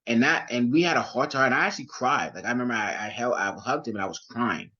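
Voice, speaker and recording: A man's voice: mid-range voice, animated, fast talker, sharp tone, slightly rough, dull audio. A young man as an interview guest, telling his story casually with many fillers and restarts. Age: young adult.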